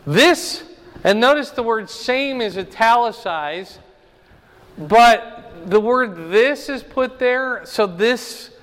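A man teaching a Bible lesson verse by verse, explaining slowly and checking in with "right?" and "okay?". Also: very high-pitched, lively intonation, fairly bright tone, in a large hall.

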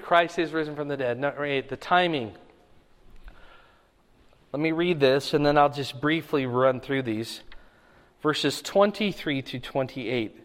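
A pastor preaching a sermon, reading Scripture loudly and dropping his voice low for asides. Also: long reverb tail.

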